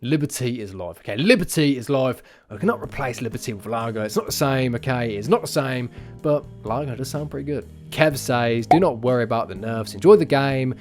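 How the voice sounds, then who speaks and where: A man's voice: medium pitch, animated, brisk, soft background music. A young man giving chatty gaming news commentary as a YouTuber, with playful jokey asides.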